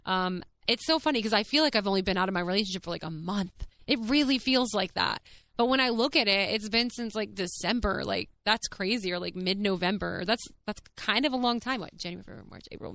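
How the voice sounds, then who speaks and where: A young adult woman hosting her own podcast, chatting candidly and reading listener comments aloud, full of fillers and quick laughs. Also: mid-range voice, bright, forceful tone. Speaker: podcast host.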